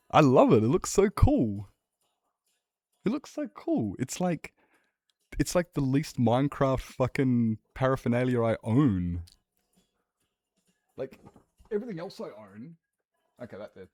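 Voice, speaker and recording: A man's voice: medium pitch, a little mellow, no echo, studio quality. A young Australian man chatting casually on a livestream, swearing freely and laughing often. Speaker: streamer.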